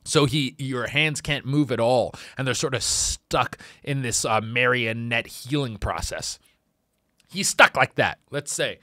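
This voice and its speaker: A man hosting a comedy podcast, telling a crude story in a rambling, animated way with restarts and sudden jumps in pitch. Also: a little slow, no room sound, clean studio sound.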